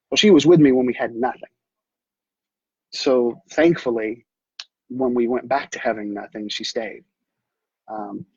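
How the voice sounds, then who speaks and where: A middle-aged man telling his personal story in an earnest, halting way, with many restarts. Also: mid-range voice, darkish tone, slightly rough, no room sound. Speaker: realtor. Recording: dull, muffled sound.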